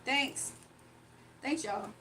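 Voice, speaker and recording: A woman's voice: drawn-out words, pushed and bright, far from the mic, a little hiss or hum, low-quality recording. A woman livestreaming a card reading, ranting bluntly to her chat with repetitive rhetorical questions. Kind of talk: heated livestream rant to chat.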